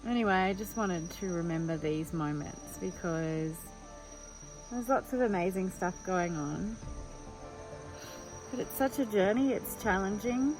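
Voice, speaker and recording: A woman's voice: mid-range voice, unhurried, low-quality recording. Vlogger, woman, chatty and candid, music and crickets underneath. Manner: chatty and open, thinking aloud. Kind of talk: candid personal vlog.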